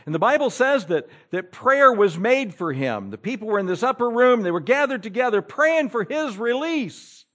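A male pastor preaching a sermon, telling the story in an animated, humorous way. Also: very high-pitched, moderate pace, hardly any pauses.

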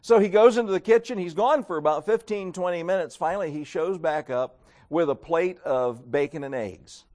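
Folksy middle-aged male preacher, higher voice. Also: normal speed, darkish tone. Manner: folksy storytelling with acted quotes. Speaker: pastor. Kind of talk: sermon.

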